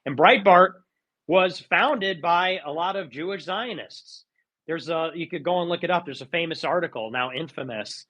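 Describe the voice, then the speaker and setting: A man's voice: a little high, moderate pace, bright, forceful tone. A man giving a heated, argumentative monologue in a live audio chat room, pressing his points insistently. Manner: argumentative and insistent, with mocking put-on quotes.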